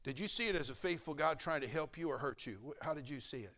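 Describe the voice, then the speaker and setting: An older man preaching a sermon as pastor, swinging between loud fervor and quiet storytelling. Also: on the high side, animated, fast.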